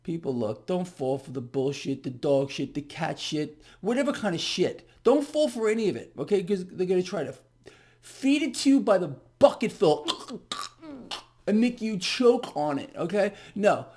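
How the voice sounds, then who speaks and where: A man's voice: sits high, animated, moderate pace, darkish tone. A man giving a casual market commentary to viewers, ranting in a sarcastic, profane way and laughing in exasperation.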